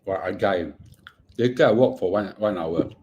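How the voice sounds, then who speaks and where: A man's voice: low-pitched, normal speed, a little mellow, dull audio, a little hiss or hum. A middle-aged man with a Singaporean English accent, hosting a casual livestream, chatting in Singlish with bits of Mandarin and murmuring between bites. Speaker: finance livestream host.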